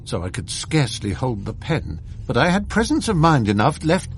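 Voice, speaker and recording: A man narrating an audiobook in an expressive, measured storytelling manner. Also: mid-range voice, a little hiss or hum.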